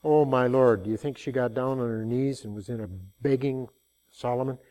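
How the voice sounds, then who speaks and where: A man's voice: mid-range voice, fairly even intonation, fairly quick, dark tone. An older man preaching a sermon, telling stories in a folksy way and rising into emphatic passages.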